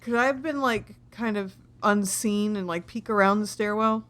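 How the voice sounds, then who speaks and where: A woman joins a casual tabletop role-playing session. She speaks in a middle register. She narrates her character's actions in an animated, chatty way. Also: mid-range voice, normal speed, slight background noise. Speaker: player.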